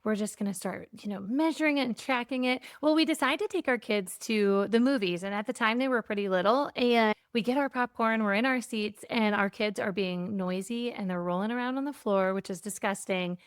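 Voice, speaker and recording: A woman with a smooth, clean voice tells an animated story as a podcast guest. She acts out little bits of dialogue and fills her speech with a casual "like." The sound is dry and close, with no room echo. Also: mid-range voice, a little fast, hardly any pauses. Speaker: guest, keynote speaker on joy.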